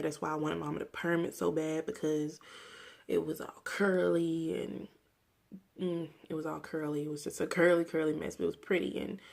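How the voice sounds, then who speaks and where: Her voice is low and gravelly with a darkish tone. A Mississippi vlogger in her twenties, she speaks earnestly to the camera in a personal rant, reflecting openly on memories.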